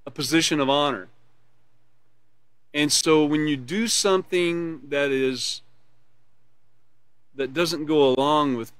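A man's voice: mid-range voice, no echo. A man teaching a live online character education class, reading from a course manual and explaining it in an earnest, explanatory way. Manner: earnest, explanatory, laughs and smiles while teaching.

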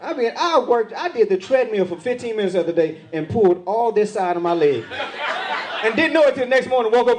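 A man's voice: high-pitched, fairly quick. A man doing stand-up on a comedy club stage, acting out quoted voices. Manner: animated, acts out quoted voices. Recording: live club with loud crowd laughter. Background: crowd laughing.

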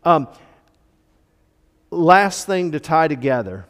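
Male church teacher, explanatory and emphatic, somewhat high voice, recorded with a long hall tail. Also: sing-song, takes it slowly, fairly bright tone. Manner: explanatory, stressing key words, frequent fillers. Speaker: Bible study teacher. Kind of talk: teaching a church Bible class. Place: church classroom.

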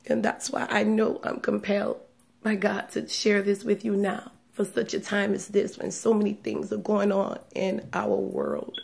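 A woman giving a personal religious testimony, speaking in a hushed, trembling way that often sinks into a whisper, close to tears. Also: mid-range voice, animated, measured pace, vocal fry. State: tearful, on the verge of crying.

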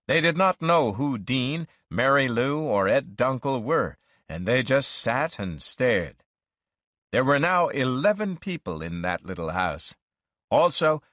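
Slow, deliberate male story reader. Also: mid-range voice, a bit bright, dry recording, clean studio sound. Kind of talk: slow storybook narration for learners.

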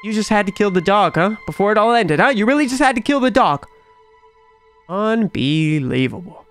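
A man's voice: high voice, animated, moderate pace, a bit bright, soft background music. A young man commentating a horror game as he plays, jumpy and incredulous, talking back to what he sees on screen. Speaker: gaming YouTuber.

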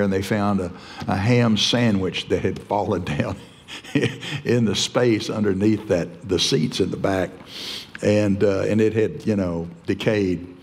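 Older man, pastor, sermon, gravelly low voice, folksy storytelling, echoing church hall. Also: a little mellow. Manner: folksy storytelling, chuckling often.

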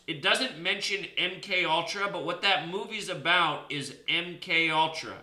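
A man's voice: on the high side, a little slow, few pauses, pushed and bright, roomy sound. A man hosting a solo commentary video in a lecturing, emphatic way. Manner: emphatic, lecturing, presses points hard. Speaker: host.

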